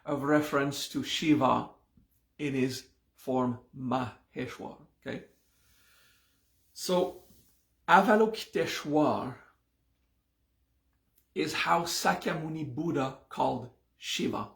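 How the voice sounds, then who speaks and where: A man teaching a live meditation class, explaining a mantra and its hand gesture at an unhurried pace and often checking in with "okay?". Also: medium pitch, gravelly, reverberant.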